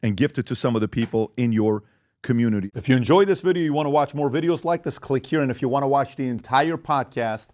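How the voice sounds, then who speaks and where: A man hosting a podcast panel, chatting casually and pitching merchandise in an upbeat way. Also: quick pace, darkish tone, no echo. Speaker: podcast host.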